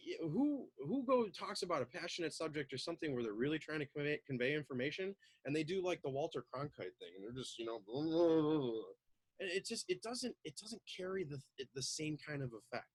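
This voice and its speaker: A man chatting loosely on a talk show, loud and excitable, acting out little quoted voices as he goes. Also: a little high, husky, no echo, low-quality recording. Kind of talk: casual chat, animated storytelling.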